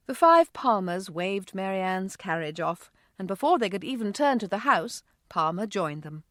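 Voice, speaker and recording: A woman narrating an audiobook in a smooth, expressive reading voice. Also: mid-range voice, moderate pace, hardly any pauses, dry recording, clean studio sound. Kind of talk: scripted narration.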